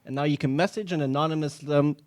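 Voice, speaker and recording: This app founder speaks fast in a slightly high voice, recounting stories during a relaxed podcast chat. He's lively and voices the quoted dialogue as if acting it out.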